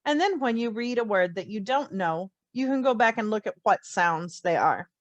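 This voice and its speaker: A woman teaching a phonics lesson, slowly spelling out letter sounds with clear, deliberate enunciation. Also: medium pitch, expressive, no room sound, dull audio. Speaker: Spanish teacher. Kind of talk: slow, careful phonics lesson.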